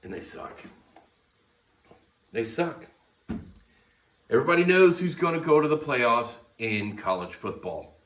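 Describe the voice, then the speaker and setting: A man's voice: mid-range voice, very animated, measured pace, pauses often, fairly bright tone. A man hosting a casual sports podcast from his garage, brash and blunt, swearing freely as he runs through teams and picks. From United States. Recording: echoey garage, mic at a distance.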